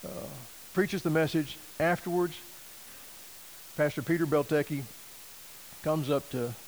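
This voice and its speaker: A man tells a story from the pulpit in a folksy, animated sermon style, acting out the lines of the people in it. His voice sits a little high for a man. A faint hiss runs under the recording. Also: a little slow, poor audio. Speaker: missionary preacher.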